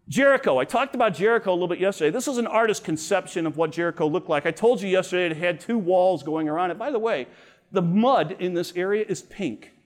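A middle-aged man teaching a Bible lesson to teenagers at a camp, telling personal stories and acting out the voices he quotes. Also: sits high. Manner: storytelling, acts out quoted voices. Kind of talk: animated youth Bible lesson.

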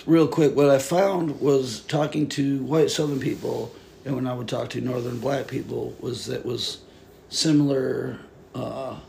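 A man's voice: mid-range voice, measured pace, vocal fry, a little hiss or hum. A man hosting a casual podcast chat, talking loosely and swearing now and then. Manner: animated, swears, slips into joking put-on accents.

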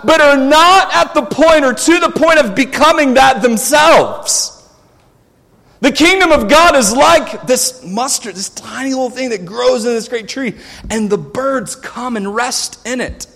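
A Southern-accented male pastor preaches in a high, ringing voice that carries through a large church hall with a long reverb tail. He swings between shouted exhortation and low, confiding asides. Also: creaky. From the American South. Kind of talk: sermon.

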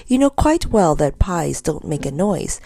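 A stern aunt with a short temper, snapping and scolding in a raised, sharp voice, put on by a woman reading a storybook aloud. A gravelly edge runs under her lines. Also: low voice, big pitch swings, a little slow, heavily acted. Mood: impatient.

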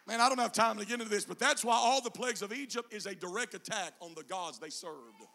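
A man preaching in a high, bright voice with a gravelly edge. He swings from quiet, low teaching passages into shouted, half-sung climaxes, dropping an "uh" before each chanted phrase. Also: fast, a faint crowd. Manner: whooping preacher cadence, "uh" between chanted phrases. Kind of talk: sermon.

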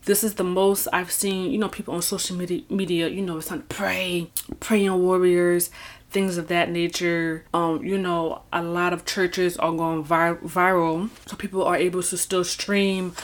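A woman with a fairly low voice talks about her faith in a loose, rambling way. She says "you know" and "y'all" constantly. She brings quotes to life with an animated voice. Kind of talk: casual faith talk to camera.

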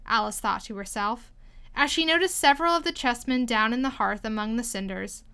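A woman reading a storybook aloud in an expressive, lively storytelling manner. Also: on the high side, a little fast, smooth. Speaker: storybook reader. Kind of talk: storybook read-aloud narration.

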